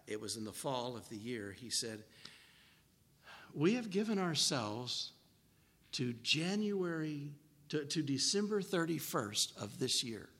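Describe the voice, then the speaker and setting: Man, preacher, folksy storytelling sermon, bright voice, long hall reverb. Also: medium pitch, sing-song, a little slow, breathy edge.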